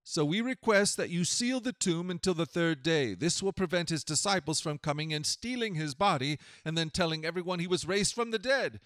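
A man reading scripture aloud and then preaching, in a solemn, measured way with dramatic swells. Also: fairly high pitch, animated, fairly bright tone, no room sound, studio quality.

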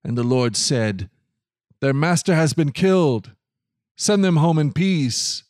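A man's voice: fairly high pitch, expressive, slow, a little mellow, no room sound, clean studio sound. A man voicing a stern, unyielding prophet in a scripted Bible reading, solemn and firm.

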